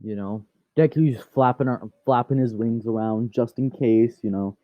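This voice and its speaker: A man's voice: mid-range voice, normal speed, dry recording, dull audio. A man rambling through a casual fan story, chatty and often correcting himself.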